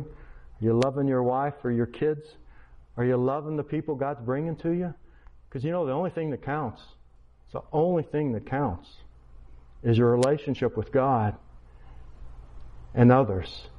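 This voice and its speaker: The recording is muffled: a mid-range male voice at normal speed, pausing often. He's a schoolteacher and Christian speaker in his sixties giving a testimony sermon, narrating a personal story, voicing its dialogue, and rising to emphatic preaching.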